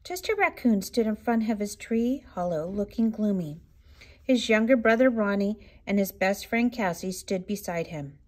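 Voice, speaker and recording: A woman reading a children's picture book aloud in an expressive, lilting way. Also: mid-range voice, moderate pace. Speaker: storybook reader. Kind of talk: children's storybook read-aloud.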